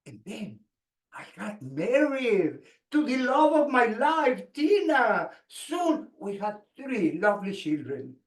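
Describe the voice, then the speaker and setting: A man, giving an expressive motivational speech with dramatic pauses. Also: extremely high pitch. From Mexico. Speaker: speaker. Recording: echoey room.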